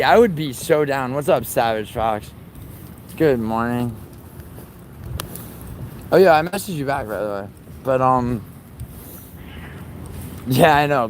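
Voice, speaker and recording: A young man, chatting to his stream while out on a city street, cursing freely and ribbing his viewers. His voice sits mid-pitch, and faint traffic hums behind him. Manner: profane, teasing banter with chat. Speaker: livestreamer. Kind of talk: casual livestream chat with viewers.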